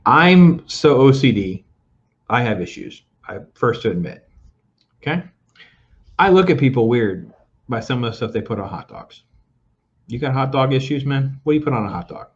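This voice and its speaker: A man's voice: medium pitch, expressive, normal speed, pauses often, muffled recording. An older man hosting a talk show, ranting about food in a casual, joking way. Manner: opinionated, joking rants. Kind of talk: casual chat.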